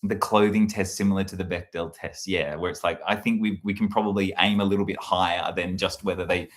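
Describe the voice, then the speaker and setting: A man chatting casually and rambling, with lots of fillers, hosting a live stream. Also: fairly quick. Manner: meandering, animated, lots of fillers, jumps to shrill put-on quotes. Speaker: livestream host.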